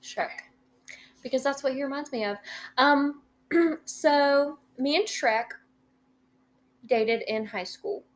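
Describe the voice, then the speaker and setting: Telling a story on the podcast she co-hosts, a young woman speaks slowly in a high voice, pausing often. She rambles casually, leaning on fillers and cursing freely.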